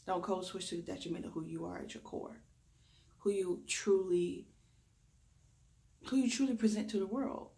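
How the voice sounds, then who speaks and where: A reiki practitioner offers a spoken reflection in a deep, raspy voice with a Southern drawl and a lisp. Though she tends to speed up when excited, she deliberately slows herself down.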